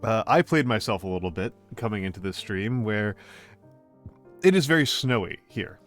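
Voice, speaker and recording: A man streaming as a VTuber, chatting casually with his live viewers in a rambling, gently playful way, often repeating his own phrases. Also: fairly low pitch, expressive, normal speed, faint music behind.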